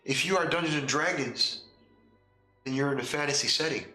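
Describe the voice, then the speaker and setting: A podcast host and game master runs a casual talk show, speaking emphatically and driving his points home with repeated rhetorical questions. His voice is a little high, fairly quick, pushed and bright, sounding reverberant with faint music behind.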